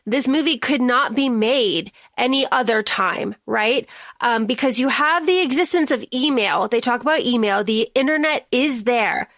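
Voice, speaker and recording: A chatty woman co-hosts a podcast, talking in a fairly high voice. She swears casually and fills her talk with ums and likes, and the sound is close and dry. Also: normal speed, a bit bright, dry recording. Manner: chatty, swearing, many fillers. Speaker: podcast co-host. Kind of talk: casual chat.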